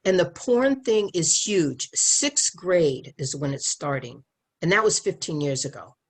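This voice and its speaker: Husky low-voiced woman, earnest and animated. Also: measured pace. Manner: earnest, animated storytelling with frequent restarts. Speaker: sex educator. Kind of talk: casual conversation.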